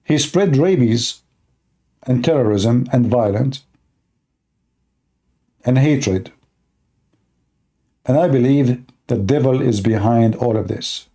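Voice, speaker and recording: Gravelly-voiced sarcastic male host. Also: medium pitch, slow pace, pauses often, warm tone. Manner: sarcastic, fires rhetorical questions. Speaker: online talk show host. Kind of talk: argumentative commentary.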